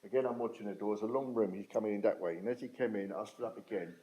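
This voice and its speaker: Blunt older man, low dark voice. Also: racing, highs cut off. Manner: blunt, plain-spoken, emphatic, dialect grammar. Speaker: speaker at a talk on restorative justice. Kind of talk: storytelling talk to an audience.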